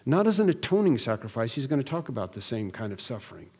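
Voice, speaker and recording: A man's voice: medium pitch, very animated, quick pace, a little mellow, slightly rough, long reverb tail. A man preaching an expository sermon, earnest and emphatic, building through repeated phrases with frequent restarts. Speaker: pastor.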